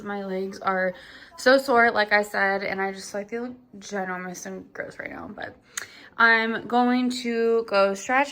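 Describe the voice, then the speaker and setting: Chatting through her routine for a home vlog, this young woman in her twenties leans on "like" and laughs softly between ideas. She speaks unhurriedly in a mid-range, slightly bright voice with fairly even intonation, and the room is reverberant.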